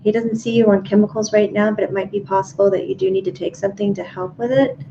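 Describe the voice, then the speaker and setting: A woman taking part in a casual livestream as a medium, calmly relaying messages to viewers. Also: medium pitch, fast talker, vocal fry. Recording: dull lo-fi sound, faint noise.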